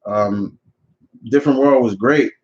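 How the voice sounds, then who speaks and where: A man's voice: mid-range voice, unhurried. Male host for a live Q&A stream, mid-range voice, opinionated and rambling with lots of restarts, on slightly dull lo-fi audio. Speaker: channel host answering viewer questions. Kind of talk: live Q&A chat.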